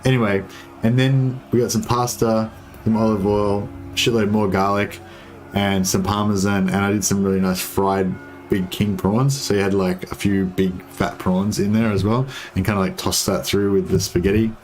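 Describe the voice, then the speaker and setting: A man's voice: lowish voice, little pitch movement, moderate pace, darkish tone. An Australian man in casual gaming chat, rambling and swearing casually while he plays co-op. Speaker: co-op game streamer.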